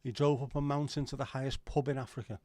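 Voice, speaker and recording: Middle-aged man hosting a casual stream, mid-pitched, chatty and sweary, dry close sound. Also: flat delivery, fast talker, mellow, no room sound. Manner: rambling, sweary, reads out chat comments. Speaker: livestream host. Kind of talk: casual livestream chat.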